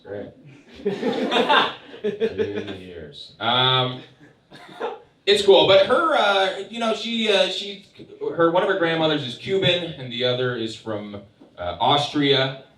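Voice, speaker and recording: A young male stand-up comic talks in a dry, sarcastic, deadpan way, and his pitch swings a lot from line to line. The sound is roomy and echoey, as if the mic sits some distance from him on a club stage. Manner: wry, deadpan storytelling with sarcastic asides. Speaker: stand-up comedian. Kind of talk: stand-up comedy set. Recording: echoey room picked up from a distance.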